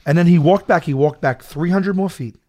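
A man telling a story in a casual chat, stammering and loudly acting out the people in it. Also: fairly high pitch, a little fast. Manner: animated, acts out a shouting wrestler and his own stammering. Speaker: storyteller guest.

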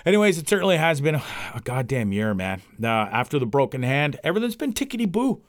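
A man's voice: fairly high pitch, very animated, fast, dry recording. Man, middle-aged, solo podcast host, foul-mouthed rambling rant, dry close sound. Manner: profane, ranting, rambling. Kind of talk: casual rambling monologue. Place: home recording for a podcast.

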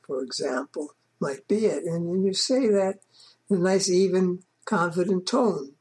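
A woman's voice: fairly low pitch, measured pace, darkish tone, husky. A woman giving informal coaching on sales and networking, talking conversationally, repeating her points with frequent fillers.

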